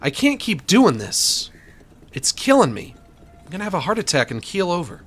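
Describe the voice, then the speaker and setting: A male game streamer rambling in a fairly high voice that swoops up and down. He chats with himself and his viewers and breaks into mock-indignant rants. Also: wildly swooping pitch, normal speed, a bit bright, slightly rough. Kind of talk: casual live-stream chatter.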